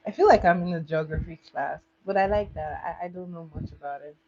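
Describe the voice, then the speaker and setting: A woman's voice: lowish voice, expressive, normal speed, a little mellow, a little hiss or hum. A young woman doing a casual livestream makeup tutorial, chatty, laughing often and asking her viewers questions. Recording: dull lo-fi audio.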